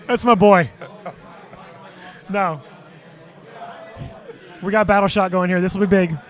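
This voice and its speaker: Guy doing play by play on a wargame stream, high voice, cracks jokes. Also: steady tone, slow pace, some chatter behind. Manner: wisecracking, teasing, play-by-play. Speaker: co-commentator. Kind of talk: live game commentary.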